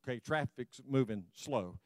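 A man's voice: medium pitch, expressive, normal speed, a little mellow, no room sound, clean studio sound. A middle-aged man preaching a sermon to his congregation, telling stories with self-deprecating humor and speaking to them directly. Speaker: pastor.

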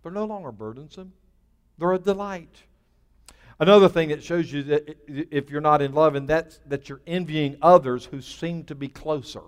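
A man preaching in a church with a fairly high voice that carries a long reverb through the room. He pushes his points out in emphatic bursts, then drops almost to a hush. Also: moderate pace, clean tone. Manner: emphatic, with rising bursts and dropping to a near hush. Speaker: pastor. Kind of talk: sermon.

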